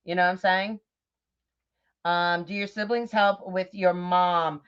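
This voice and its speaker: A middle-aged woman with a lowish, smooth voice and steady tone hosts a bow-making craft show on livestream, speaking a little slowly. She greets viewers by name, laughs often and keeps the chat casual, captured in dull lo-fi sound.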